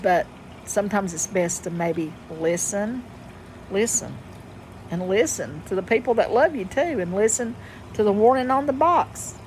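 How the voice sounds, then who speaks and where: A woman's voice: medium pitch, a little slow, a little mellow, slight background noise, low-quality recording. A woman telling a story in a folksy, chatty way, laughing often, then moving into reflective life advice. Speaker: vlogger. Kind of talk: casual storytelling monologue.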